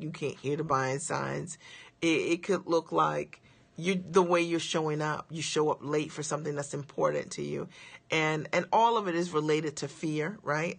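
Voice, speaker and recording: A woman's voice: low voice, creaky, a bit bright, slightly rough. A woman business coach giving an emphatic motivational talk on a livestream, firing off rhetorical questions and checking in with her audience after each point. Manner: asks rapid rhetorical questions.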